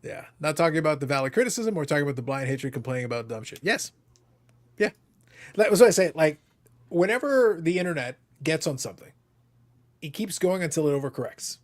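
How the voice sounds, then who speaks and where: A man from Canada hosting a casual podcast chat, animated and jokey, talking over the others. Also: on the high side, fast talker. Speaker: podcast host.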